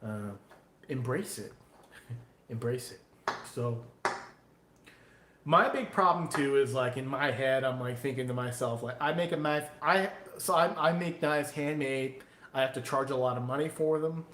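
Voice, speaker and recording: A man's voice: medium pitch, unhurried, reverberant, a little hiss or hum. Rowdy, cursing man on a live stream. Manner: loud, profane and tipsy, quoting imagined critics. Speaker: knifemaker hosting a live stream. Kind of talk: casual live-stream chat.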